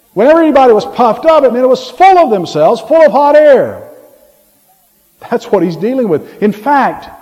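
Male pastor, sermon, animated storytelling, high mellow voice, long hall reverb. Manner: animated storytelling preacher, rising loud on key points.

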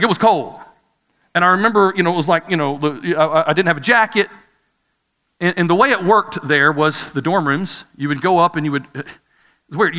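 Bright-voiced preacher in a reverberant hall. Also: male voice, fairly high pitch. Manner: conversational, asks the audience questions. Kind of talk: sermon with personal story.

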